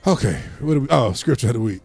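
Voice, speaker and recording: Joking St. morning show host. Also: male voice, mid-range voice, lively intonation, fast, gravelly, darkish tone, slightly rough, soft background music. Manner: joking, laughs a lot, breaks into song. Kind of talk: casual banter and singing on a gospel morning show.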